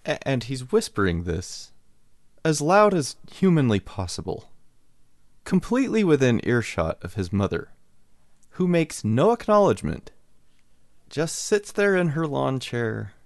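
A man's voice: medium pitch, huge pitch swings, measured pace, no echo, clean studio sound. A man hosting a show, casually telling a rambling story about his neighbors, restarting sentences and chuckling as he goes. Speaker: radio show host.

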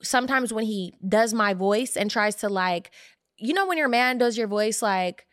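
A young woman co-hosts a podcast, sharing a personal story in casual conversation at a moderate pace. She's an animated storyteller who acts out quotes in higher voices. The studio-quality recording has no echo.

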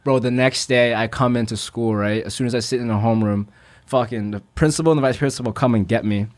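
Young man telling a halting, laughing story. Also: mid-range voice, a little mellow. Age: young adult. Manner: laid-back, halting storyteller who laughs while talking. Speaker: podcast co-host. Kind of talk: casual chat.

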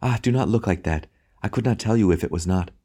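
A man's voice: lowish voice, fast talker, dark tone, slightly rough. A man reading an audiobook, voicing a distraught young wife with a raised, tremulous, pleading voice. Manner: tremulous, emotional.

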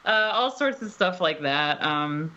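A woman's voice: sits low, lively intonation, a little slow, bright, forceful tone. Bubbly laughing woman on dull audio. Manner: bubbly, laughs often, rambling anecdotes. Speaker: voice director and game developer. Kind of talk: casual podcast chat.

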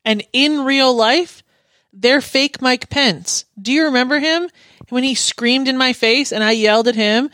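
A woman's voice: high voice, a little slow, a bit bright, no echo, clean studio sound. A woman co-hosting a podcast in casual chat, speaking in a blunt, opinionated way. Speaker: podcast co-host.

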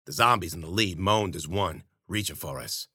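A man's voice: sits low, normal speed, bright, forceful tone, husky, no room sound, clean studio sound. A man telling a first-person story in hardboiled slang, with wry asides to the listener. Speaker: storyteller and podcast host.

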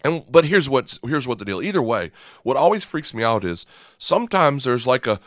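A man's voice: mid-range voice, very animated, moderate pace, fairly bright tone, dry recording, studio quality. A man preaching a sermon in a conversational way, often checking in with "okay?" and "right?" and repeating words as he starts a thought. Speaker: pastor.

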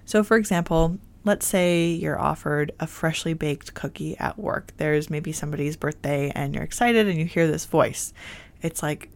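A woman hosting a self-help podcast, talking in a gentle, reassuring and encouraging way. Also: low-pitched, gravelly. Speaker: podcast host.

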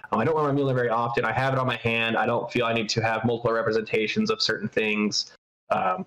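A man's voice: mid-range voice, fairly bright tone, low-quality recording. A man co-hosting a podcast in casual chat, rambling with lots of fillers and the odd curse word. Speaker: podcast co-host.

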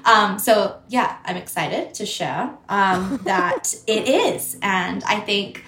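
A woman's voice: mid-range voice, takes it slowly, roomy sound, background noise. A woman with an Australian accent, a guest chatting casually and acting out quotes. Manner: animated, acts out quotes, frequent "like". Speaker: podcast guest. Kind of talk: casual chat.

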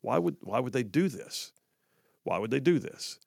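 A man's voice: medium pitch, expressive, moderate pace, vocal fry, darkish tone, slightly rough, no room sound. A man hosting live talk radio from a studio, chatty and joking, often repeating himself. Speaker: radio talk show host. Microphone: studio microphone.

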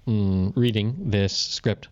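A man's voice: fairly low pitch, slow pace, darkish tone, smooth, no room sound, dull audio. A man co-hosting a podcast, telling a story in casual chat and swearing freely. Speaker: podcast co-host.

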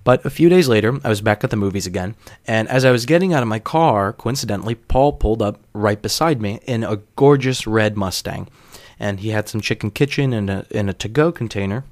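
A man's voice: on the low side, a little fast, no echo, clean studio sound. A young man hosting a podcast, telling a personal story in a wry, self-deprecating way with casual profanity. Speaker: podcast host.

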